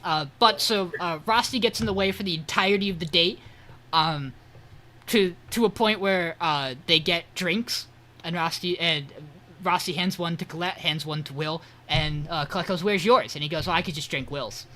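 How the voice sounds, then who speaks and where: Podcast co-host, male, bright tone, lively storyteller who swears, faint noise underneath. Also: fairly high pitch, normal speed. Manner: animated retelling, swears, quotes characters. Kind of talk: casual episode recap.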